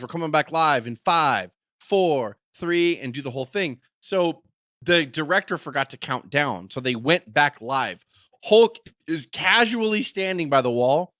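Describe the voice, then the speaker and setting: Animated, bright-voiced male podcaster. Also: mid-range voice, no echo, studio quality. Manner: animated storytelling, acting out quotes, frequent profanity. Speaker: podcast co-host. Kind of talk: casual chat.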